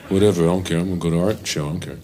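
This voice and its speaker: A man's voice: deep voice, rapid-fire, a little mellow, voice pushed down, close to an everyday voice. A man voicing a gloomy, indifferent young rock star as part of a comedy story, mumbling with a sighing, careless manner. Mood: mopey. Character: mopey, apathetic famous male rock star, young adult.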